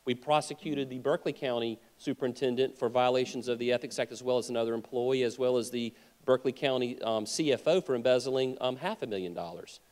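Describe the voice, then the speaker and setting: A man's voice: medium pitch, fast talker, few pauses, a little mellow. A man who is a state attorney general, giving an earnest, emphatic political convention speech with frequent restarts, speaking into a podium mic in a convention hall. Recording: long hall reverb.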